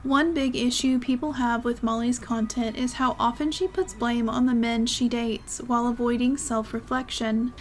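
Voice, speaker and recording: Higher-voiced woman narrating commentary. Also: slight background noise. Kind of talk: scripted narration.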